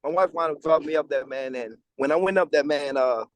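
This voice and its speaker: A man, a guest telling his story over a remote call in a casual, slangy way and acting out other people's lines in a higher voice. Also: brisk, no room sound, rough recording. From Louisiana. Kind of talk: storytelling interview. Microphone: remote call over a weak connection.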